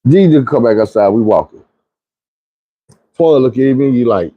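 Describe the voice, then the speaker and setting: A man telling a long, profane, slang-heavy story from his youth in a lively, animated way. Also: medium pitch, moderate pace, long pauses, no echo, lo-fi sound. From Arkansas. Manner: animated, slangy, acts out quoted friends.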